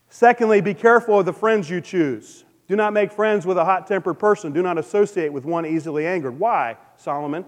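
A man preaching a sermon as pastor, earnest and personal, swinging between loud emphasis and a soft, gentle hush. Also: sits high, a little fast, hardly any pauses, long reverb tail.

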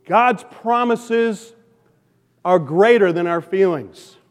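Man, pastor, sermon, high voice, emphatic then hushed, long hall reverb. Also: slow. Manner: preaching with wide swings between loud emphatic questions and soft hushed appeals.

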